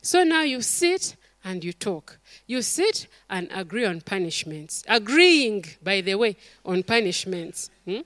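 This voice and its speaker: A woman's voice: medium pitch, a little slow, hardly any pauses, no echo, clean studio sound. A middle-aged woman, preaching a sermon to a congregation and acting out stories and quotes. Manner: animated storytelling, acts out quotes, calls to the congregation.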